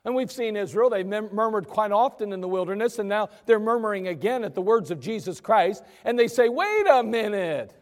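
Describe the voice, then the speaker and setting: A man preaching a sermon as pastor, in a chatty, animated storytelling way. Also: high voice, brisk, hardly any pauses. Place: church sanctuary. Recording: long reverb of a church hall.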